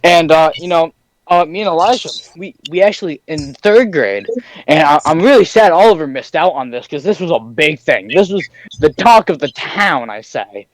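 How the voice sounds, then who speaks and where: High-voiced teenage boy telling stories. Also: normal speed, dry recording, low-quality recording. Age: teens. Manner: animated, acts out voices in his stories. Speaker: podcast host. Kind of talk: casual podcast storytelling.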